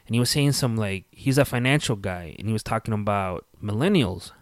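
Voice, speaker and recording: A man's voice: lowish voice, expressive, brisk, no echo, studio quality. A man on a podcast, telling long rambling stories in casual, profane chat full of fillers.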